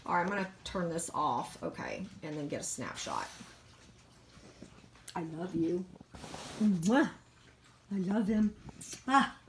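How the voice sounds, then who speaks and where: A woman's voice: fairly low pitch, big pitch swings, slow pace, long pauses, a little hiss or hum. A middle-aged woman, a dog breeder gushing over a puppy in a casual home video filmed on a phone. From Virginia, USA. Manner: gushing, doting baby talk to a dog.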